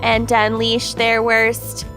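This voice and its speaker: A woman co-hosting a casual podcast, relaxed and laughing as she chats. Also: on the high side, slow, faint music behind. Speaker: podcast co-host. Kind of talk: casual chat.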